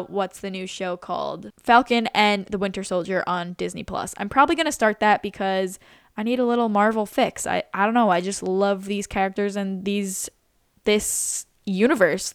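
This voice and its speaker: A woman's voice: mid-range voice, clean tone, no echo, studio quality. A woman of twenty-three chatting casually and gushing about what she has watched, full of "like" and "literally". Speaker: vlogger. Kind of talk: casual chat.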